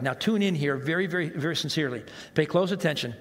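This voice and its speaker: A man preaching a sermon as pastor, animated and self-mocking, acting out the reactions he quotes. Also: a little high, quick pace. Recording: long hall reverb.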